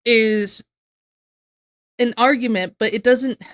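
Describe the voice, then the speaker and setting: A woman's voice: a little high, steady tone, slow pace, no room sound, clean studio sound. A woman hosting a reaction video, chatting in a rambling way and laughing often. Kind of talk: casual reaction commentary.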